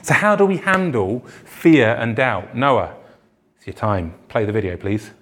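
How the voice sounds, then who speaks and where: A man's voice: mid-range voice, very animated, a little slow, fairly bright tone. A male pastor preaching a conversational sermon in church, acting out the quoted voices in his stories.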